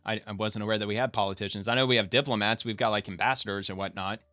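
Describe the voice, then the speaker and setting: A man's voice: on the low side, steady tone, rapid-fire, bright, forceful tone, no room sound. A man giving casual, rambling reaction commentary, talking loosely with lots of fillers and restarts. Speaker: online commentator.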